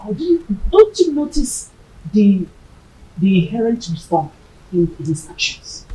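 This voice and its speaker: An actress playing a wise queen who calmly reasons with her king. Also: medium pitch, slightly rough, heavily acted, rough recording. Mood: pleading. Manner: persuasive, measured.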